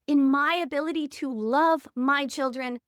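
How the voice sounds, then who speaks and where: A woman's voice: high voice, measured pace, no echo, clean studio sound. A woman in her thirties, a podcast guest telling personal stories in an earnest, candid way. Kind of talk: reflective interview conversation.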